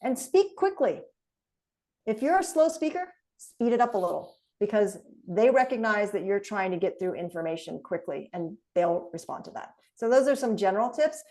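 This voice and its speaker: A woman trainer speaks in a mid-range voice over a video call, coaching in a lively, conversational way. She leads the session with an easy, direct delivery, and her pitch sits neither high nor low. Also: moderate pace.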